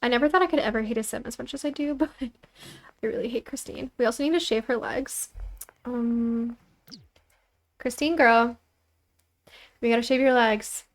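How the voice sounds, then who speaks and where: A woman's voice: on the high side, normal speed, pauses often. A young woman hosting a let's play, giving chatty, casual game commentary full of "like" fillers. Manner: chatty, lots of "like" fillers, giggly.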